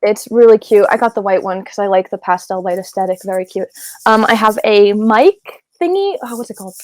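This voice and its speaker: A woman's voice: mid-range voice, a little fast, darkish tone, no echo. A woman voice actor chatting as an interview guest, giggly and gushing, rambling a bit as she talks. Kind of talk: casual interview chat.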